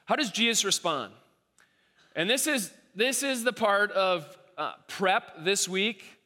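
A man preaching a sermon, animated and repeating himself as he acts out quoted voices. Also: sits high, takes it slowly. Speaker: pastor. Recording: long hall reverb.

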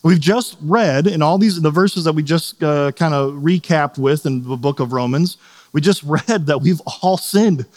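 Middle-aged male pastor, slightly high voice, chatty sermon delivery, reverberant hall. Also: normal speed, a little mellow. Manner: conversational, asks "right?" often, acts out quotes.

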